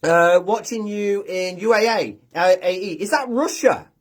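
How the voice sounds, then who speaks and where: A man's voice: high voice, measured pace. A British man from the UK hosting a casual livestream, chatting and chuckling as he reads out viewer comments into his phone. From United Kingdom. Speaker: livestream host. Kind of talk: casual live chat reading viewer comments.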